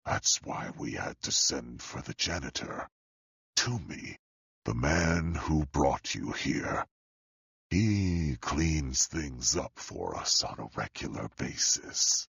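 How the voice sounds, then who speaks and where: A man voicing a sinister, wealthy older male tech mastermind in an audiobook, speaking slowly and calmly with a deep, husky, gravelly voice. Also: no echo, studio quality, heavily acted. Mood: cold, calm. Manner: slow, calm and menacing. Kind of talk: audiobook character voice.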